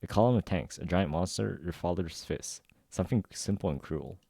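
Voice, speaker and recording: A man's voice: low-pitched, normal speed, creaky, warm tone, husky, no echo, clean studio sound, heavily acted. A man reading a cold, taunting girl doppelganger.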